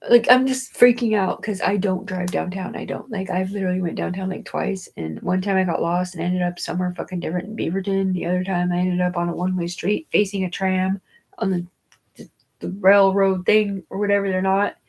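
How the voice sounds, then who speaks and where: A woman's voice: fairly low pitch, little pitch movement, fairly quick, vocal fry, darkish tone, low-quality recording. A woman telling a rambling personal story about her daughter, full of fillers, restarts, casual swearing and laughs. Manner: chatty and digressive, with frequent fillers and restarts.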